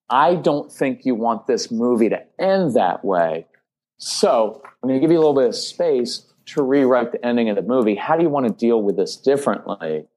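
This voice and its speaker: Parenting guest, male, casual chat, plays out sample lines to kids. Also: medium pitch. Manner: animated, acts out parent phrases. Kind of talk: casual podcast conversation.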